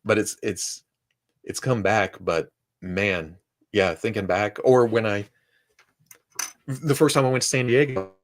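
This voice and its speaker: A man's voice: on the low side, measured pace, long pauses. A man with a Southern US accent chatting casually as a podcast guest, rambling through stories and laughing often. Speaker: toy content creator and podcast guest. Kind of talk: casual chat.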